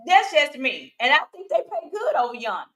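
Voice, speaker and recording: A woman's voice: high-pitched, huge pitch swings, a little fast, fairly bright tone. A woman co-hosting a casual gossip chat, mostly backing up her partner with short agreements and brief remarks. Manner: supportive, chimes in with short agreements. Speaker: podcast co-host.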